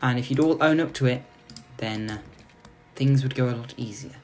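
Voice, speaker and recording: A young man hosts a gameplay video in a sarcastic, mock-tyrannical voice. His pitch sits in the middle range as he berates his little citizens and praises himself. Soft music hums underneath. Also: normal speed. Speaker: let's play host. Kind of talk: gameplay commentary.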